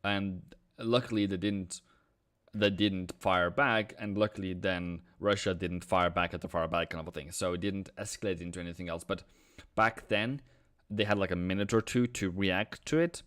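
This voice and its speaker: Norwegian-accented man, lowish voice, casual live-stream trading chat, jokey. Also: steady tone, normal speed, a bit bright. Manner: jokey, thinks aloud, reads chat messages. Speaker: forex trader streaming live.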